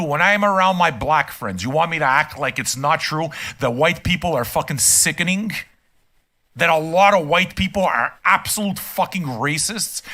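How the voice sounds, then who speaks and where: A man's voice: sits high, pushed and bright. An older man streaming a reaction and ranting casually from his room, profane, emphatic and heated. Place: home room.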